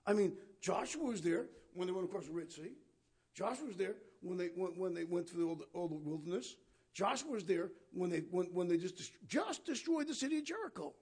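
Gravelly, husky high-voiced man preaching. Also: animated, brisk, darkish tone. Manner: questions the listeners, repeats words, paraphrases scripture. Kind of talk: conversational Bible teaching.

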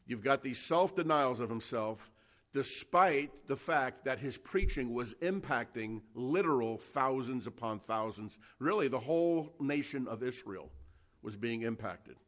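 A man's voice: medium pitch, lively intonation, unhurried. A man delivers a sermon from the pulpit with an ordinary mid-range voice. His preaching is conversational and emphatic, and he reads scripture passages aloud between his remarks. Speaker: pastor.

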